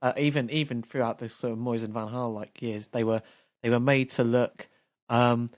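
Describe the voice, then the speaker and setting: A man's voice: mid-range voice, fairly even intonation, normal speed, dry recording. A man in a middle voice co-hosting a football chat. He is thoughtful and analytical, building his points step by step. The recording is dry and close. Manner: thoughtful, analytical, laughs along. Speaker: podcast co-host.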